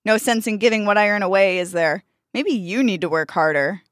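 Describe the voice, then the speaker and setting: A woman's voice: medium pitch, fairly quick, dry recording, clean studio sound, lightly acted. A woman voicing a proud, greedy male pear farmer who scolds and dismisses people. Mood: scornful.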